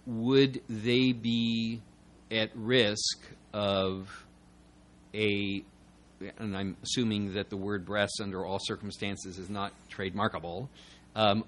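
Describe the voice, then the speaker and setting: A man in the audience of a public meeting who asks detailed questions carefully and hesitantly, with pauses. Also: lowish voice, a bit bright, a little hiss or hum.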